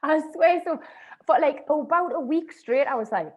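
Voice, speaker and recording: A woman's voice: high voice, expressive, moderate pace, muffled recording. A woman, hosting a podcast in casual chat and calling people mate. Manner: chatty, slangy, calls people mate. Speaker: podcast host.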